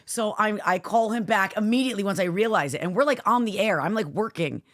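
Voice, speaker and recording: A woman co-hosting a podcast, chatting casually and telling a story in an animated way, jumping high when she acts out other people. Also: fast. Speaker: podcast co-host.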